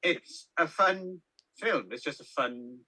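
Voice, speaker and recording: A man's voice: fairly high pitch, slow, bright, forceful tone, breathy edge. A man co-hosting a casual film review podcast, rambling with lots of ums and restarts. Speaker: podcast co-host.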